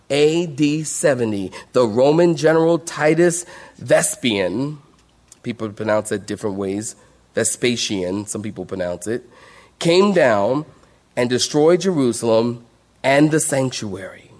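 A man preaching a sermon as pastor, emphatic, swinging between loud declarations and quiet asides to his congregation. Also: a little high. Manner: emphatic preaching, rising and dropping sharply, addressing the congregation.

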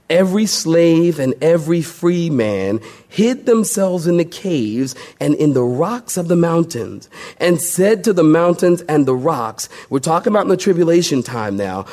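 A man preaching a sermon in a church as pastor, animated and jokey, moving between low, careful scripture reading and excited storytelling.

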